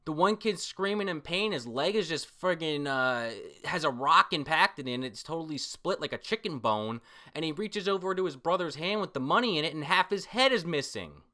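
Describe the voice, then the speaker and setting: An excitable man talks his way through a comic chapter, reacting as he goes. His voice is bright and tense, and he swears freely. He breaks in with loud exclamations between his descriptions. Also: fairly high pitch, normal speed, hardly any pauses. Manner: excitable, profane, frequent exclamations. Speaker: manga reader reacting to a chapter. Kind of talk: excited read-through commentary.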